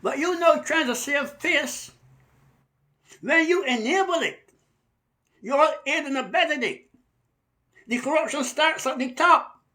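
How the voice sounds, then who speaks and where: High-voiced man preaching fierily. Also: sharp tone. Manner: emphatic, stretches key words slowly. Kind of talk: fiery preaching monologue.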